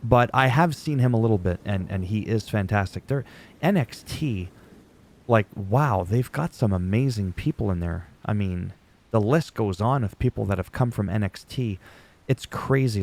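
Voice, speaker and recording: A man's voice: lowish voice, moderate pace, darkish tone. A middle-aged man hosting a casual wrestling recap, rambling and chatty, joking at his own expense. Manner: rambling, chatty, laughs at himself.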